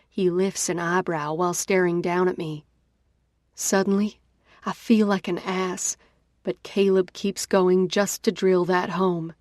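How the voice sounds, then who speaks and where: A woman narrating a first-person romance audiobook in an expressive, dramatic way. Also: lowish voice, measured pace, no echo, studio quality.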